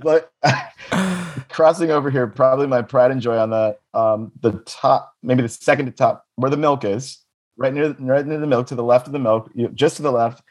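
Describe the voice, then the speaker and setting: A man's voice: mid-range voice, a little fast. Rambling, joking man chatting. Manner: rambling, swearing, jokey, many restarts. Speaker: co-host. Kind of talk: casual chat.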